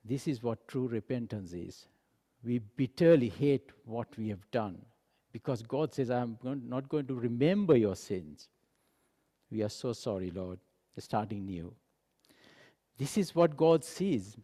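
A man preaching a sermon, animated and acting out dialogue, dropping to a soft voice for emphasis. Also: mid-range voice. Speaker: pastor. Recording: long hall reverb.

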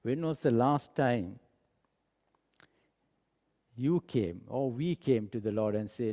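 Mellow-voiced man preaching in a hall. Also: medium pitch, slow, long pauses. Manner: animated preaching, acting out dialogue, soft for emphasis. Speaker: pastor. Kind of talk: sermon. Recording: long hall reverb.

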